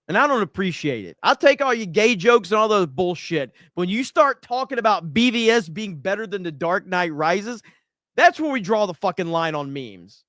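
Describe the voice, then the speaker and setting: A man's voice: high-pitched, sing-song, moderate pace, fairly bright tone, no echo, studio quality. A man hosting a casual livestream, reading out viewer comments and ranting in a profane, mock-outraged way. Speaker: livestream host.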